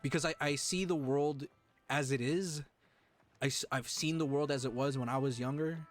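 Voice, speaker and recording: A man streaming live, talking earnestly and emotionally to his chat, with halting restarts. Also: a little high, steady tone, soft background music.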